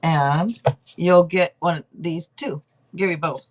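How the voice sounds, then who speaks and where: Woman, tarot reader host, casual livestream talk, unhurried, lower voice. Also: darkish tone. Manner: chatty, laughs often, thinks aloud.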